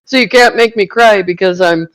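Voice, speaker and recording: A woman's voice: mid-range voice, normal speed, slight background noise. A woman calling in to a live stream, chatting casually and giggling. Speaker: caller. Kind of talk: casual call-in chat.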